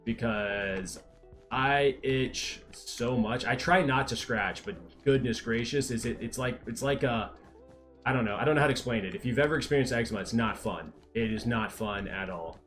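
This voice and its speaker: A man's voice: mid-range voice, moderate pace, fairly bright tone, soft background music. A man from Texas with a mild Texan accent, chatting casually and rambling with many restarts and fillers while live-streaming. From Texas, USA.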